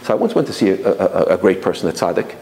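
A middle-aged man giving an informal Torah lecture, animated, often repeating words as he goes. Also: low-pitched, very fast, gravelly, a little hiss or hum, poor audio. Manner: animated, repeats words, mixes Hebrew and Yiddish terms. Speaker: rabbi giving a Torah class.

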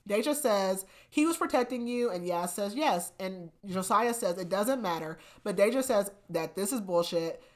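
A woman hosting a podcast, casually retelling a novel's plot with animated quoted dialogue and frequent laughs. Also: mid-range voice. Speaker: podcast host. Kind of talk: casual book recap chat.

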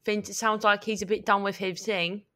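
A woman's voice: mid-range voice, level tone, fairly quick, bright, forceful tone. A woman in an improv comedy scene, chatty and giggling through her asides. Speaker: improv performer.

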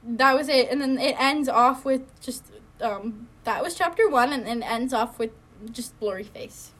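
A young woman reads her old teenage story aloud as comedy, cracking up between lines. Her voice sits high and bright. She reads with mock drama. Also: measured pace. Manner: giggly, breaks into laughter while reading. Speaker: host reading her old writing. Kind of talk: comedic dramatic reading with laughter.

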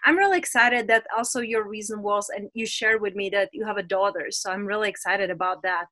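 A woman's voice: medium pitch, a little fast, bright, forceful tone. A young woman from the Czech Republic with a Czech accent, an eager podcast guest who talks in a rush with restarts. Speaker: guest, women's transformational coach. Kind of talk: casual chat.

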